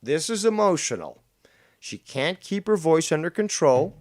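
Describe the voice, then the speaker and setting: Male streamer, mocking and combative, lively swooping delivery, dry close sound. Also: on the high side, normal speed, no room sound. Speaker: streamer reacting to a clip. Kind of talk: casual stream commentary.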